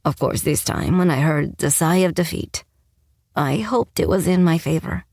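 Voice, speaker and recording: A woman's voice: low voice, moderate pace, vocal fry, a little mellow, dry recording. A woman narrating a first-person romance audiobook with a wry, sarcastic tone, on a close mic.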